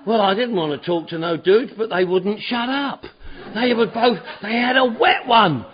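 A man's voice: sits high, moderate pace. A man telling his recovery story to a meeting, acting out voices and swearing freely. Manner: animated storyteller, acts out dialogue, swears freely. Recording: dull lo-fi recording with a murmuring crowd.

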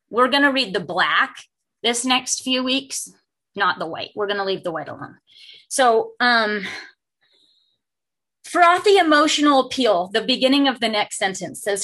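A woman with a bright, slightly high voice leads a study group in a relaxed teaching talk. She speaks frankly and jokes often. Her speech is full of fillers and restarts. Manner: chatty, frank, joking, with many fillers and restarts. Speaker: recovery sponsor leading a study group.

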